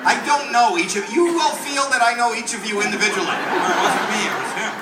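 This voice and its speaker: A man's voice: extremely high pitch, fast, very noisy. A man doing stand-up crowd work, teasing and riffing with people in the audience, recorded live in a comedy club. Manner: teasing, riffs with audience members. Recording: roomy live club from far off. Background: loud crowd laughter.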